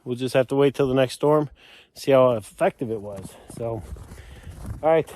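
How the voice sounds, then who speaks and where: A man's voice: mid-range voice, moderate pace, mellow. A middle-aged man, out of breath, chatting casually and rambling with self-deprecating asides while working outdoors on a snowy road. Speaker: homesteader vlogger.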